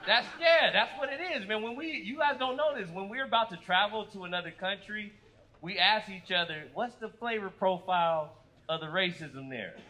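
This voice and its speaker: A man performing a stand-up comedy set, telling stories with lively acted-out quotes. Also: high voice, normal speed, low-quality recording. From United States. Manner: animated storytelling with acted-out quotes. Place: comedy club stage with live audience. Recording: live club recording with audience noise.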